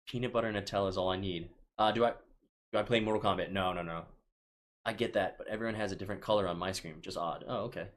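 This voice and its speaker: A man's voice: low-pitched, steady tone, fast, a bit bright. Man, thirties, live-stream chat, reads questions aloud, offhand answers, trailing restarts. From Chicago, United States. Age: 30s.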